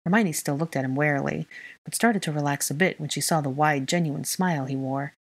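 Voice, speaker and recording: A woman narrating a fan fiction story aloud in a steady, even reading. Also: low-pitched, fairly quick. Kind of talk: audiobook narration.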